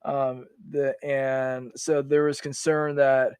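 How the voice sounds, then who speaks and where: A man's voice: mid-range voice, flat delivery, slow, darkish tone, smooth, dry recording. A man in his forties, a veteran guest on a podcast, telling his story in a rambling, casual way with many restarts and fillers.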